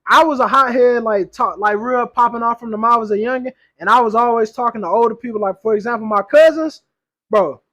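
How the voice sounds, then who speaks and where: A man's voice: extremely high pitch, brisk, fairly bright tone. A young man, co-hosting a casual podcast and telling slangy stories with frequent laughs. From Louisiana or Texas, US South. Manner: slangy storytelling, laughs often. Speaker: podcast co-host.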